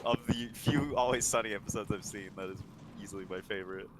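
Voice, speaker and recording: A man's voice: fairly low pitch, fast talker. A man in casual chat on a gaming stream. He rambles, swears a lot and laughs while retelling a story. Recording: loud background noise with clicks.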